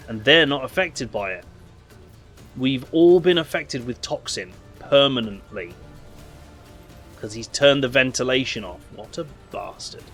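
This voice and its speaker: A man's voice: mid-range voice, fairly bright tone. Chatty man playing a game. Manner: chatty, laughs often, stumbles over names. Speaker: game streamer. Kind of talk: casual let's play commentary.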